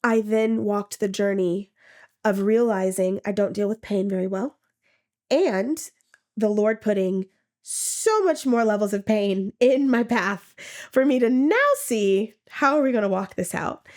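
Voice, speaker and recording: A woman shares a personal faith testimony at an ordinary pitch. She talks in a halting, heartfelt way, restarting and repeating words as she goes. Now and then she acts out her own past words. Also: darkish tone. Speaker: testimony speaker.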